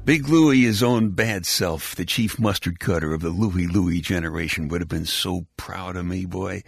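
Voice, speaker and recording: Deep-voiced older New storyteller. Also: male voice, moderate pace, gravelly, slightly rough, faint music behind. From Brooklyn. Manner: folksy, rambling, wry humor. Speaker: podcast host. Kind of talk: bedtime storytelling monologue.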